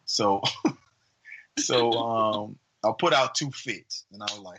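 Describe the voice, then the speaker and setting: A man co-hosting a podcast, telling a long story in a casual, rambling way with many fillers and lively acted-out voices. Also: lowish voice, takes it slowly, noisy background. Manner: animated, acts out quoted voices. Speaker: podcast co-host.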